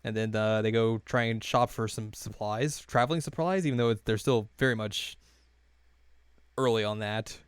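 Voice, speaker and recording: A man's voice: on the low side, fairly even intonation, moderate pace, clean tone, no echo. Young male podcast co-host, casual rambling recap, clean resonant tone, dead-dry room. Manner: rambling, many fillers, laughs while retelling scenes.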